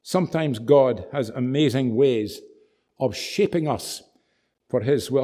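A man preaching a sermon, telling stories with animated, dramatic emphasis. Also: medium pitch, measured pace.

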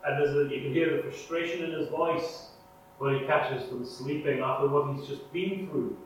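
A man preaching a sermon in an earnest way, swinging between loud emphasis and hushed, prayerful lines. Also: a little high, normal speed, dull audio. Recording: echoey room, mic far off, faint hum.

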